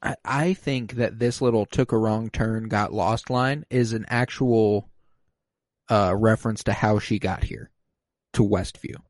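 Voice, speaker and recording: A man on a casual podcast, recapping an episode and acting out quoted lines with sudden jumps in pitch. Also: steady tone, measured pace, no room sound. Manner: recaps plot, acts out quoted lines in a raised voice.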